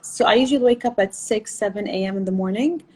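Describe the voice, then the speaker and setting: A woman's voice: mid-range voice, quick pace, mellow, husky, poor audio. A woman fitness trainer answering interview questions, laughing often and using many fillers.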